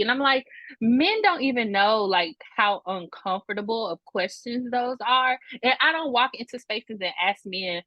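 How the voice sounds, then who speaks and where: Animated woman host, lo-fi sound. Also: fairly high pitch, no room sound. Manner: animated, emphatic, quick asides. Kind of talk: casual podcast chat. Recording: dull lo-fi dry sound.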